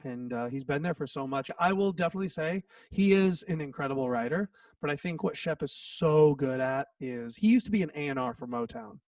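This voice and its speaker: A man's voice: fairly high pitch, a little fast, gravelly, hardly any pauses, no room sound, recorded from a distance. A man in his thirties, a songwriter guest, telling a story in a casual interview, acting out quotes and saying "like" a lot. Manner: animated, acts out quotes, says "like" often.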